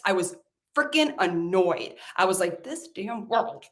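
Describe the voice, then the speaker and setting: A woman's voice: medium pitch, expressive, a little slow. A woman business coach giving a motivational talk, emphatic and blunt, with frequent fillers and swearing. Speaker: business coach and podcast host.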